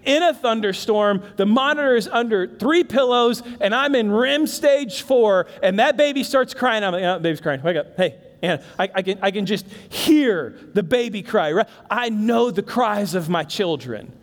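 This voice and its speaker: A man preaching a sermon as pastor, moving from hushed emphasis to loud bursts and talking directly to the congregation in asides. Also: high-pitched, expressive, normal speed, hardly any pauses. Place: church sanctuary. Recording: long reverb of a large church hall.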